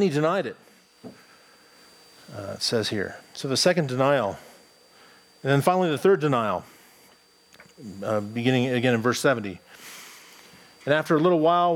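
A man with a plain American accent, a pastor preaching a morning sermon in a conversational, thinking-aloud way with frequent restarts. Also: mid-range voice. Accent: General American.

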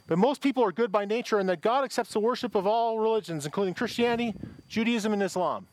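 High-voiced middle-aged pastor preaching conversationally. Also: male voice, fast talker. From Michigan. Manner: conversational, anecdotal preaching with restarts. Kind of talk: sermon.

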